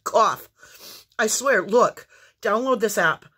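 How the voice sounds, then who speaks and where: A woman's voice: mid-range voice, lively intonation, slow, bright, forceful tone, slightly rough. A woman giving an intuitive tarot reading to viewers, earnest and exclamatory, with fits of coughing. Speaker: tarot reader.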